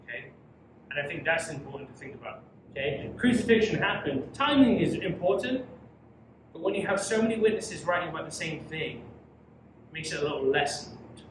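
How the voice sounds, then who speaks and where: A man's voice: fairly high pitch, expressive, a little fast. A man teaching a youth Bible study, preaching emphatically and reading scripture dramatically. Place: church room. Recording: echoey room from far off with noise.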